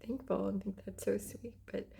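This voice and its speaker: A middle-aged mother talking about faith and self-love in a casual vlog, often dropping into soft whispers. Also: mid-range voice, steady tone, normal speed, vocal fry, a little hiss or hum. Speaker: mother sharing reflections. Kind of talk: casual heartfelt vlog talk.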